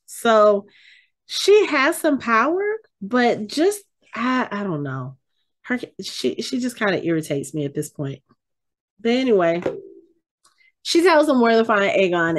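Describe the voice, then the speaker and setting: A woman co-hosting a podcast, recapping a TV episode in casual, animated chat and getting exasperated as she retells it. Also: lowish voice. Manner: animated, exasperated storytelling with frequent restarts. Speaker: podcast co-host.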